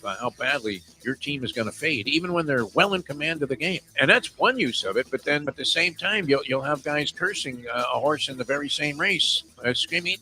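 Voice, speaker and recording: An older man hosting a morning radio show, telling rambling stories with lots of "uh" fillers and shouting out quoted lines. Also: medium pitch. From South Florida resident for over forty years. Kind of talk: casual morning radio chat.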